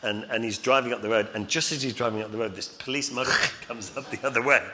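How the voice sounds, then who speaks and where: A man's voice: medium pitch, steady tone, fast, sharp tone. A middle-aged man telling rambling, chuckling anecdotes on stage as a guest, with many fillers. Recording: reverberant hall, faint noise.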